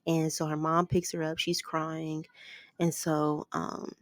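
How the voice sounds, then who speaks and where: A woman's voice: low-pitched, little pitch movement, takes it slowly, dry recording. A woman casually recapping a movie plot, rambling from scene to scene with lots of "like" and "ends up". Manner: rambling, strings events with "like" and "ends up".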